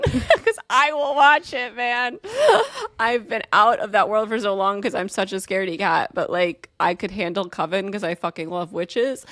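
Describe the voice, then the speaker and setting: A woman co-hosting a pop-culture podcast, chatting casually and getting excited fast. She swears freely and breaks into laughs often. The sound is close and dry, with no room echo. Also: medium pitch. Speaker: podcast co-host. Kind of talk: casual chat.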